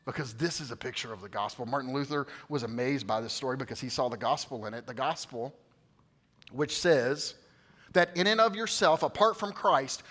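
High, bright-voiced preacher man. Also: animated, a little fast. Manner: swings from loud emphatic peaks to quiet hushed asides; addresses the congregation directly, coaxing responses. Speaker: pastor. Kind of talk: sermon.

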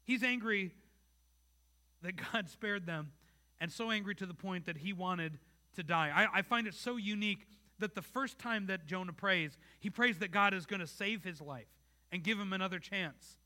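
Male pastor, high voice, very bright and cutting tone, earnest conversational sermon full of rhetorical questions. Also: moderate pace. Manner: earnest, talks straight to the congregation with rhetorical questions.

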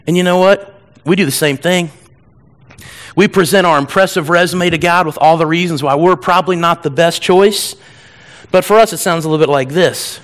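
Lively high-voiced man preaching a sermon. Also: normal speed. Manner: animated, humorous, acts out whiny voices. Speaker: pastor. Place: church.

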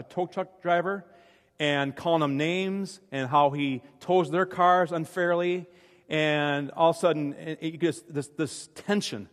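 A man's voice: a little high, big-room sound. A man preaching a conversational sermon, telling personal stories in a chatty, self-deprecating way with frequent restarts.

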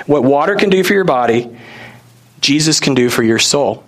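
Expressive and fairly bright in tone, a male pastor with a slightly high voice preaches at a moderate pace. He speaks casually, like sharing a story among friends, and keeps asking his listeners rhetorical questions.

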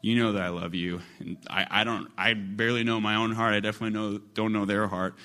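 A preacher doing a humbled, mumbling Peter. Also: male voice, fairly low pitch, fairly even intonation, fast talker, pushed and bright. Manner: mumbling, hesitant. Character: Peter, a humbled man confessing quietly.

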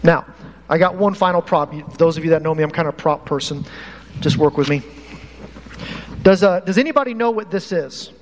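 Animated high-voiced male pastor. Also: brisk, long pauses. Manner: animated, uses props, talks to the congregation. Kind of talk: sermon. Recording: hall reverb, faint room noise.

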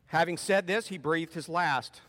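Man, preacher, sermon, reads scripture with rising emphasis, high voice, long reverb. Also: unhurried, fairly bright tone. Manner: reads scripture aloud with rising emphasis, then explains plainly.

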